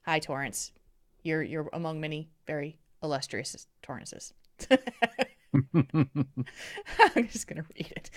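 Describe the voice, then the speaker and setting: A woman hosting a podcast in casual chat, giggly and talkative, with lively swings in pitch. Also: moderate pace, no echo, studio quality. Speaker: podcast host.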